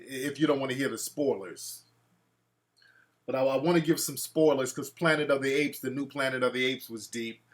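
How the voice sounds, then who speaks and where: A talk show host with a medium-pitched, slightly bright voice runs a casual call-in show. He talks in a brash, profane way and reacts to his live chat.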